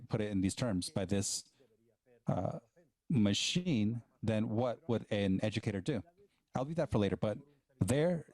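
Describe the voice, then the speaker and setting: A man delivers a plenary talk at a conference in a fairly low, warm voice. He speaks haltingly and often restarts his sentences. The sound is dry and close, with little room around it. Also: dry recording.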